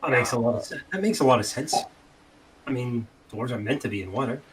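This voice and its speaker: A man's voice: mid-range voice, fast, noisy background. A man playing a tabletop game, asking curious questions in character. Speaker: player. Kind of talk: in-character role-play.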